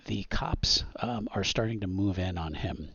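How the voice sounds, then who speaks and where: A man's voice: low-pitched, unhurried, gravelly, a bit bright, slightly rough, dry recording, highs cut off. A man narrating a tabletop game as game master, hesitant and full of ums and restarts.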